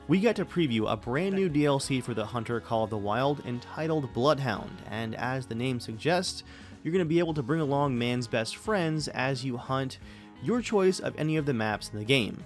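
A man hosting a gaming channel, chatty and upbeat as he introduces a sponsored video. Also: medium pitch.

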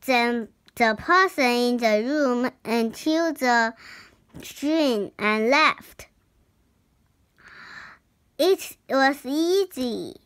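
A child reader voicing a clever young boy explaining a mystery in a storybook, reading slowly and carefully. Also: mid-range voice, expressive, a bit bright, smooth.

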